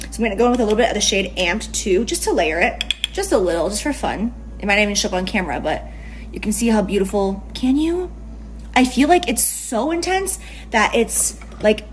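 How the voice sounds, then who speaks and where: Woman beauty vlogger, middle pitch, giggly and foul-mouthed, faint background hiss. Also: rough recording. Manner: gushing, giggly and profane. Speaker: beauty influencer. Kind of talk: makeup tutorial chat.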